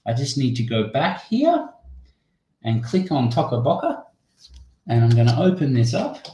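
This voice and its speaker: A man's voice: medium pitch, wildly swooping pitch, normal speed, mellow, slight background noise. Chatty man presenting a webinar, echoey. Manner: chatty, apologetic, thinking aloud while demoing an app. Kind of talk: live online teacher-training webinar. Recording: echoey room sound.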